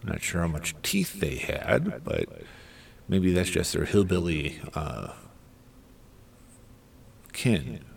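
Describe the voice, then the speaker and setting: Man, very deep voice, slow and unhurried, casual rambling commentary, crude irreverent asides, middle-aged. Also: wildly swooping pitch, gravelly, a little hiss or hum. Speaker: podcast host.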